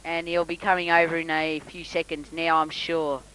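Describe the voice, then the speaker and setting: A man's voice: fairly high pitch, level tone, moderate pace, sharp tone, a little hiss or hum, low-quality recording. A man improvising comedic sports commentary, jokey and hesitant, muddling names with plenty of fillers.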